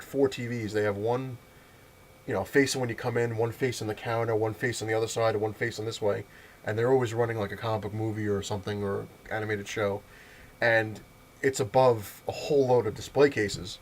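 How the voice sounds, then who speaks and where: A man's voice: lowish voice, slight background noise. A man telling a casual story in a rambling way, with many restarts and frequent laughter. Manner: rambling, full of fillers and restarts.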